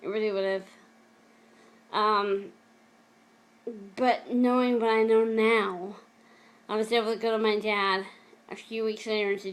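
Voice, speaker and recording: A woman vlogger talking earnestly and emotionally to camera in a personal confessional video, at times halting. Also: mid-range voice, level tone. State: emotional, close to tears.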